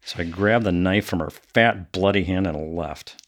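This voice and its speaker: Man doing deep-voiced murderous son, flat cold telling, angry flare-ups, audio drama. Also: measured pace. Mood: coldly calm. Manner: flat, cold storytelling with bursts of anger. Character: brooding adult son confessing grisly killings.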